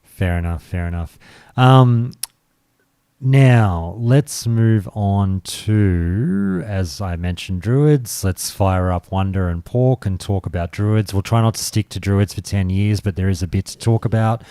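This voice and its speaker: A man with a lowish, mellow voice hosts a casual podcast. He talks loosely and swears a lot, and when he reads notes he rushes through them. The sound is dry and close. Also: clean tone, dry recording. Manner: profane, joking, reads patch notes at speed. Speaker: podcast host.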